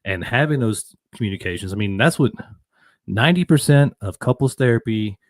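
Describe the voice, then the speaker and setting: A man co-hosting a podcast, talking casually and retelling stories in an animated way. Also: mid-range voice, fairly quick, no echo. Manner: conversational, animated retelling of stories with acted quotes. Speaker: podcast co-host.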